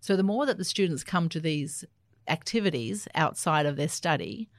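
An Australian woman, an Auslan interpreter, answering interview questions in an animated, explanatory way. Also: sits low, normal speed, dry recording, studio quality. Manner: animated, explanatory, laughs easily.

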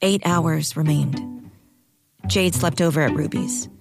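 A woman narrating a story in a calm, even reading voice. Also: deep voice, measured pace, creaky, over music. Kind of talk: audiobook narration.

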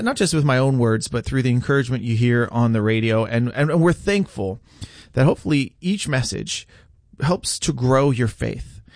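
A man's voice: medium pitch, dry recording, studio quality. A man hosting a radio devotional, talking in an earnest, encouraging way. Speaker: radio host.

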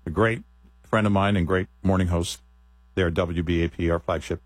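A man's voice: deep voice, steady tone, normal speed, no echo. A middle-aged man, a radio co-host, chatting casually with wry joking asides.

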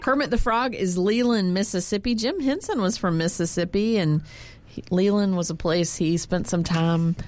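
A woman's voice: on the low side, normal speed, darkish tone, slight background noise. A woman co-hosting a radio show, teasing and giggling as she reads out items. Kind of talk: casual radio banter.

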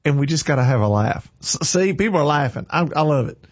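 A man's voice: fairly high pitch, lively intonation, quick pace, husky, dull audio. A man hosting a Christian radio morning show, upbeat and preachy, reading the weather and laughing at his own jokes.

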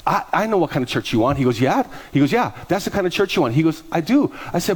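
Animated pastor telling stories. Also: male voice, fairly high pitch, fast, few pauses, slightly rough. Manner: animated, acts out voices in his stories. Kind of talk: sermon storytelling.

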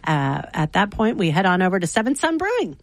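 A woman's voice: mid-range voice, big pitch swings, fairly quick, no echo. A woman hosting a radio show from the studio, chatting casually and laughing often. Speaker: radio host. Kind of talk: casual on-air chat.

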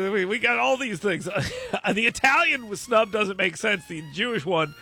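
A man's voice: high-pitched, moderate pace, soft background music. A man hosting a show, cracking jokes and laughing in a casual comedic chat. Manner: animated, joking, often laughing. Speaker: show host.

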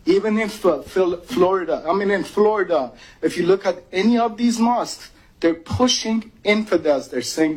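Husky man from Iran, impassioned. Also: high-pitched, moderate pace, rough recording. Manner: urgent, emotional, repeating himself. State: near tears. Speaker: public commenter at a meeting. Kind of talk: impassioned public comment.

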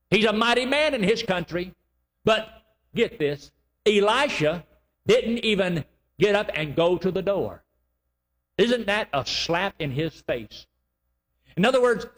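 A man preaching a sermon, emphatic and repetitive, with sudden loud rises and slow, drawn-out lines. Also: high voice, in a large hall.

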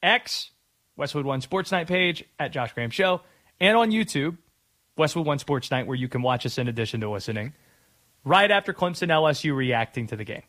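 A man's voice: fairly high pitch, lively intonation, normal speed, a bit bright. Chatty man hosting sports radio. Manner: rambling, stammering restarts. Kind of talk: casual radio talk.

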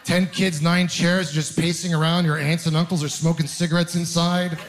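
A man's voice: a little high, flat delivery, moderate pace. A man in his thirties from Ontario performing a stand-up comedy set in a club, rambling through self-mocking stories with acted asides. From Ontario, Canada. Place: comedy club with laughing audience.

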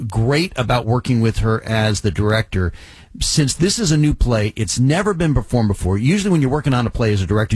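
A man's voice: mid-range voice, husky, no room sound. A man, a community theater director and playwright, answering interview questions in a chatty, enthusiastic way with frequent restarts.

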